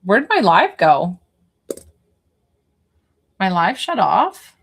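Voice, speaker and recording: A woman with a noticeably creaky, gravelly voice hosts a live-streamed spiritual reading. Her talk is chatty and informal, and she easily sidetracks into other matters mid-session. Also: medium pitch, sing-song, drawn-out words, fairly bright tone. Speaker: spiritual medium.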